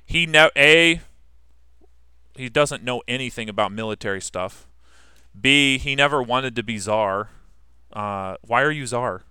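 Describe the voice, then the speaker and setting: A man's voice: medium pitch, unhurried, pauses often, sharp tone, smooth, dry recording, studio quality. A man teaching a history class in a casual, conversational way, asking his students questions and answering them himself.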